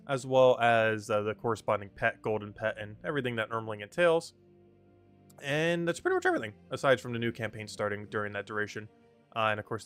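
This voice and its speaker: A man streaming a game, rambling casually with many fillers and frequent laughter. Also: mid-range voice. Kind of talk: casual game livestream commentary.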